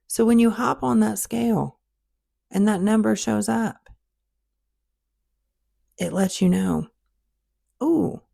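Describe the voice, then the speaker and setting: A woman's voice: medium pitch, vocal fry, warm tone, slightly rough. A woman hosting a podcast, talking straight to listeners in a direct, coaching monologue that repeats its points for emphasis. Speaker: podcast host.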